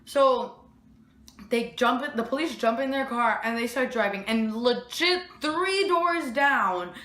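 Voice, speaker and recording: A woman's voice: a little high, lively intonation, slow, sharp tone. A young woman telling a storytime vlog, rambling with lots of fillers. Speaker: vlogger. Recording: echoey room.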